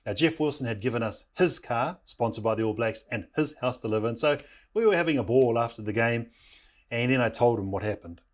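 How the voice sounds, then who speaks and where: Brief: middle-aged man from New Zealand, animated storyteller who slips into family voices, mid-pitched. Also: brisk. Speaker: parenting program speaker. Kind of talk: storytelling talk.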